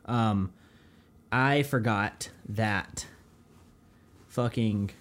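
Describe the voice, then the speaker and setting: A man co-hosting a podcast, talking excitedly and swearing casually. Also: lowish voice, very slow. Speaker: podcast co-host.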